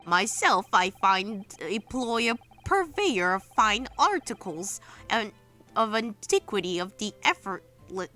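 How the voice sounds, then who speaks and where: A woman voicing a pompous, long-winded old male antique dealer who speaks in slow, flowery phrases. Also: medium pitch, very animated, pushed and bright, faint music behind, heavily acted.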